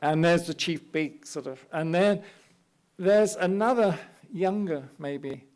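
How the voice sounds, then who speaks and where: A man's voice: fairly high pitch, slow pace, darkish tone. An older man with a British accent giving an architecture lecture in a hall, full of wry, self-deprecating anecdotes. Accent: British English. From England. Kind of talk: public lecture with slides. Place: lecture hall at an art academy.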